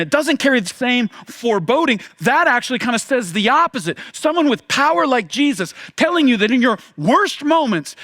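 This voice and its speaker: A man preaching a sermon as pastor, chatty and conversational, swinging between lively emphasis and hushed, slow moments. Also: very high voice. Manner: casual, conversational preaching with many fillers.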